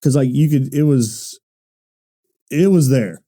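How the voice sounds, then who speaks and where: A man hosting a podcast, telling comic stories in an animated, self-deprecating way and laughing often. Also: medium pitch, slow pace. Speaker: podcast host. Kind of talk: comic storytelling monologue.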